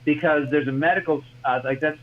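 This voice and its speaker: A man's voice: a little high, fairly even intonation, fast, dull audio, slight background noise. A man co-hosting a casual sports podcast, cracking jokes and slipping into a mock announcer voice. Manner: joking, mock-announcer asides. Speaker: podcast co-host.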